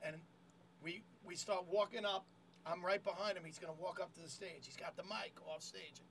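A man comedian hosting a casual chat, telling a story loudly and shouting out the lines of the people he quotes. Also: sits high, steady tone, normal speed, a little hiss or hum, poor audio. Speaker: comedian host.

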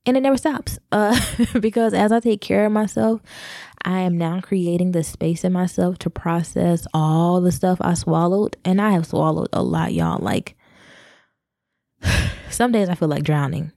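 A woman's voice: lowish voice, unhurried, creaky, warm tone, dry recording, clean studio sound. A woman in her thirties talking candidly to her viewers in a personal vlog, confessional and direct. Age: 30s. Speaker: vlogger.

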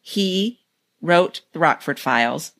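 A woman co-hosting a podcast in casual chat, playful and expressive. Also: low voice, takes it slowly, vocal fry. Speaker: podcast co-host.

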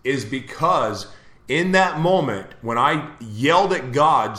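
A man hosting a live morning show speaks in an earnest, candid way as he tells a personal story. His voice sits at an ordinary middle pitch. The room around him is echoey. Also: expressive, slow pace, pushed and bright. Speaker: host. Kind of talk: live confessional talk show.

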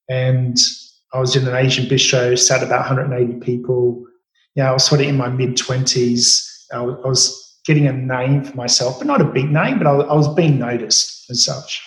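A middle-aged man, a chef, telling stories in an interview with a relaxed, rambling manner full of fillers and restarts. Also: mid-range voice. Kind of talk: storytelling interview answers. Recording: roomy echo.

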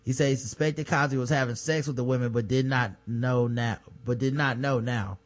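A man's voice: mid-range voice, steady tone, normal speed. A man co-hosting a podcast, reading news items aloud and breaking off with sarcastic, profane remarks in casual chat. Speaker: podcast co-host.

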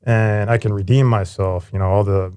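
A man in his forties, a former firefighter paramedic, telling his life story in a candid, animated way with casual swearing. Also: lowish voice, normal speed, smooth.

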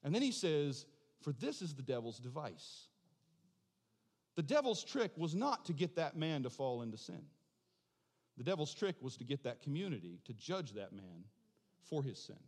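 A man preaching a sermon as pastor, impassioned, rising to near shouting and dropping to a soft prayer. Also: medium pitch, very animated, normal speed. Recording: long hall reverb.

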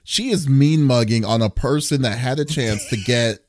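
A man hosting a casual podcast, talking with halting restarts and wrapping up with an upbeat sign-off. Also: mid-range voice, darkish tone, no echo, studio quality. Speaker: podcast host.

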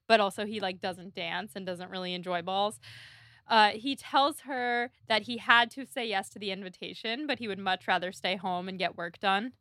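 This podcast co-host, a woman with a fairly high, sharp-toned voice, casually summarizes a story's plot with teasing asides in book-club fashion. The studio-quality recording has no echo.

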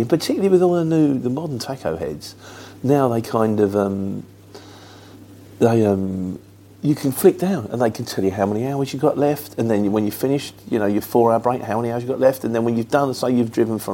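A man's voice: on the low side, dark tone, slight background noise. A middle-aged man from Luton with a Mockney market-trader accent, chatting casually as a truck driver answering viewer questions, rambling and plain-spoken with lots of fillers. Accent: Luton, with a Mockney market-trader twang. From England.

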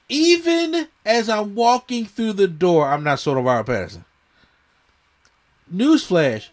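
A man's voice: sits high, big pitch swings, moderate pace. Emphatic slangy podcast host man. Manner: emphatic storyteller, slangy, repeats himself. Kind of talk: casual movie chat.

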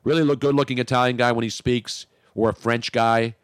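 A man's voice: medium pitch, flat delivery, fairly quick, no echo. A man, hosting a radio show with joking, rambling banter that often stops and restarts. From Philadelphia. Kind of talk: casual comedic radio banter.

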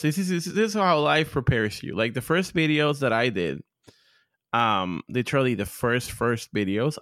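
A man speaking English with a Spanish accent, a podcast guest telling stories in a lively, profane, joking way. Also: no echo, clean studio sound. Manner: animated storyteller, big pitch jumps, profane. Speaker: podcast guest, content creator. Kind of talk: casual interview chat.

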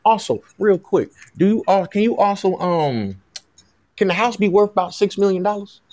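A man voicing a pushy, smooth-talking male sports agent with a put-on Southern accent, slow and polite as he piles on demands. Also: high-pitched, expressive, darkish tone, no echo, pitched above the performer's own voice. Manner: slow, polite, wheedling deal-making.

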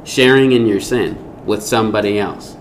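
A man's voice: on the low side, normal speed, a little hiss or hum. A man teaching a Bible lesson, speaking emphatically and often asking rhetorical questions.

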